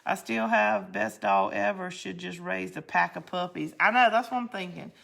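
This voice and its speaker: A woman's voice: on the low side, animated, normal speed, vocal fry. A middle-aged woman, chatting in a rambling way and laughing often as she hosts a crafting video. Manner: chatty and rambling, laughs often, drops to a quiet count under her breath. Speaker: crafting channel host. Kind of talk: casual chat while crafting.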